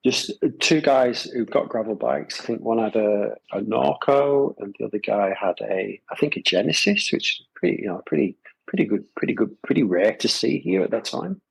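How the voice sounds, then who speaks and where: Low raspy guy rambling through a story on a podcast, lots of "you know". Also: expressive, moderate pace, low-quality recording. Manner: rambling, lots of fillers and repeated phrases. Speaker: podcast guest, gravel shop owner. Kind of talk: casual conversational storytelling. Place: Adelaide Hills, South Australia.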